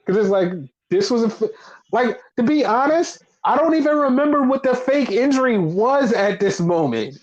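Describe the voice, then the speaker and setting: Animated swearing podcast host, lo-fi sound. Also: medium pitch, moderate pace. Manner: animated, swears often, acts out quotes. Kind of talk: casual wrestling recap chat.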